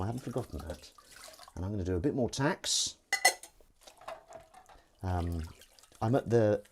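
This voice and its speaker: A man's voice: low voice, a little mellow, a little hiss or hum. A man streaming while he washes up in his kitchen, chatting in a rambling, self-mocking way. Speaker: live streamer. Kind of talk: casual chat while washing up. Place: kitchen at the sink.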